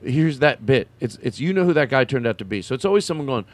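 A man's voice: mid-range voice, lively intonation, fast talker, background noise. A man from Philadelphia hosting a podcast, rambling in casual comic banter with lots of restarts and laughs. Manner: rambling, stop-start, laughing often. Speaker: podcast host.

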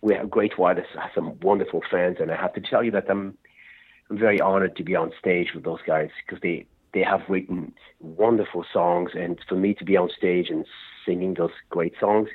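A man, a rock singer, telling stories in a rambling, animated way during an interview. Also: deep voice, normal speed, husky. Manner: rambling, animated storytelling with restarts. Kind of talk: phone interview. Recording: tinny phone line.

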